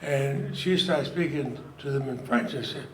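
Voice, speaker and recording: An older man, a retiring senator, giving a rambling, self-deprecating anecdotal speech to an audience at an event. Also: medium pitch. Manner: rambling storyteller, self-deprecating humor, frequent pauses. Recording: echoey hall, noisy crowd. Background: audience laughter and room noise.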